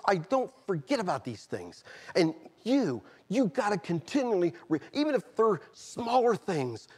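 A middle-aged man, preaching a sermon and telling a personal testimony, moving from quiet storytelling to fervent outbursts. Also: mid-range voice, a little hiss or hum. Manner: earnest, swings from quiet storytelling to shouted fervor.

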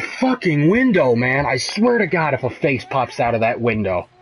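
A man's voice: mid-range voice, very animated, moderate pace, hardly any pauses, a little hiss or hum. Frightened young man playing a horror game. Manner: frightened, swearing, talking to himself. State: shaking with fear. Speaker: gamer. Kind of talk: horror game let's play commentary.

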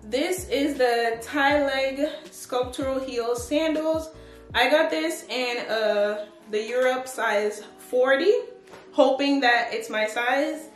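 A woman's voice: sits high, slow pace, echoey room, faint music behind. A woman chatting casually through a clothing try-on haul, upbeat and full of fillers, sometimes out of breath. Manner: chatty, upbeat, lots of "like" and "but yeah". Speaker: fashion vlogger. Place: home room with a tripod. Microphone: camera on a tripod.

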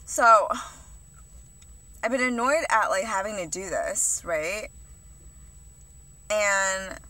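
Young woman ranting to camera, bright voice, sweary and rambly, lots of "like". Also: mid-range voice, expressive, slow, no echo. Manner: rambling, heavy swearing, many fillers. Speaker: vlogger. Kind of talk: casual confessional vlog.

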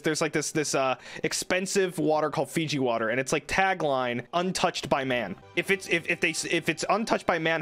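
Young guy streamer ranting about food, kinda high voice, bit of music playing soft behind. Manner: rambling, animated comic ranting. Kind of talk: casual stream chat.

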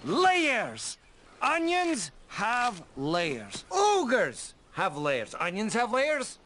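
A man voicing a gruff, grumpy male ogre who talks bluntly in an animated film. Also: high voice, a little hiss or hum, exaggerated voice. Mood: exasperated. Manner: slow, blunt, grumbling.

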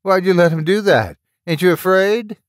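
A man voicing a nervous young male killer who talks in rough backwoods speech and stammers. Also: high-pitched, normal speed, no echo, clean studio sound, pitched above the performer's own voice, natural voice. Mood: alarmed.

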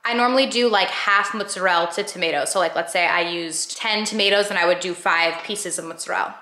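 A woman's voice: fairly low pitch, fairly quick, bright, forceful tone, reverberant. A young woman vlogging casually at home, chatty and full of "like" fillers. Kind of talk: casual vlog chat. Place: home, indoors.

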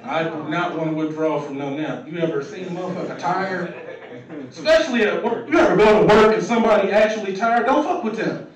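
On a comedy club stage, a stand-up comedian in his thirties does a loose, profane open mic set, talking conversationally and acting out quotes while the crowd laughs. His high voice moves a little fast, but the audio is poor, with heavy reverb and him far from the mic.

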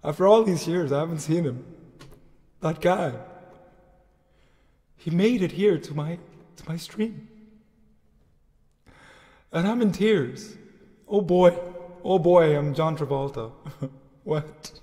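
A man's voice: on the high side, slow, pauses often, warm tone, in a large hall. A man hosting a music livestream, chatting casually with viewers between songs and laughing often. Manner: giggly, laughs often while talking.

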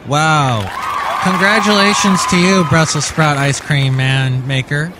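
A man's voice: a little high, takes it slowly, over a noisy crowd, heavy background noise. A man hosting a zany comedy podcast with playful mock-announcer delivery. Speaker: podcast host. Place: Northern California.

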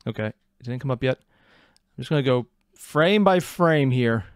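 A man's voice: medium pitch, measured pace, smooth, no echo, studio quality. A man hosting a casual reaction video, joking and sarcastic as he comments. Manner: animated, sarcastic asides, laughs at own jokes. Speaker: reaction channel host.

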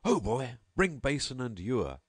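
Man doing a nobleman host, lavish, booming, insistent, mocking, storybook voice. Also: sing-song, moderate pace, dry recording, studio quality. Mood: grandly insistent. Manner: grand, insistent, booming hospitality.

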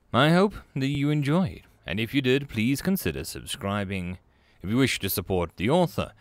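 A man reading a science fiction story aloud with a lively, swinging pitch. His storytelling is expressive, and the recording is dry and close. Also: no echo. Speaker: audiobook narrator. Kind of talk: audiobook narration.

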